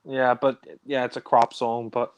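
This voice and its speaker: A man's voice: medium pitch, flat delivery, unhurried, clean tone, no echo. A man co-hosting a casual film discussion, rambling with many fillers, laughing and swearing. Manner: mimics characters in raised voice. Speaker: film review co-host.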